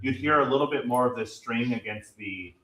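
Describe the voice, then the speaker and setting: A man's voice: mid-range voice, fairly quick, bright, forceful tone, soft background music. A man directing a choir rehearsal, upbeat and joking, demonstrating the sounds he wants by singing them. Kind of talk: rehearsal instruction. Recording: echoey room, far mic, singers around.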